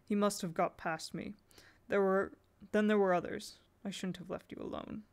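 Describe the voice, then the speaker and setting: A woman reading the part of a calm, commanding older great-uncle who protects two children, speaking low and steady in an audiobook. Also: normal speed, close to an everyday voice.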